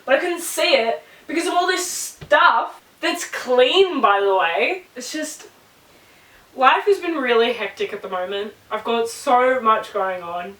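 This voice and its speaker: A woman's voice: on the high side, animated, normal speed, fairly bright tone, far from the mic. A young Australian woman telling a story to camera in a casual vlog, chatty and emotional, laughing often and swearing now and then. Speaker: vlogger. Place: her bedroom, indoors. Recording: echoey room, camera set back.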